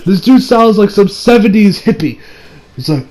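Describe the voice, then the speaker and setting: A man's voice: high voice, lively intonation, moderate pace, darkish tone, low-quality recording. A young man casually recapping an anime episode, rambling and playful, laughing as he retells scenes.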